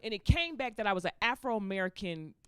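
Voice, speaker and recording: Animated woman telling stand-up stories. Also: mid-range voice, brisk, clean tone, no room sound, studio quality. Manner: animated storytelling, acts out voices of people in the story. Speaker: stand-up comedian. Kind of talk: stand-up comedy set.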